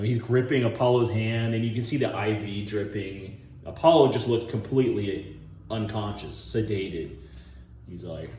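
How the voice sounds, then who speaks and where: A man in a casual monologue, retelling film scenes in a rambling, excitable way and laughing at his own jokes. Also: lowish voice, moderate pace, roomy sound. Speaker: movie commentary vlogger.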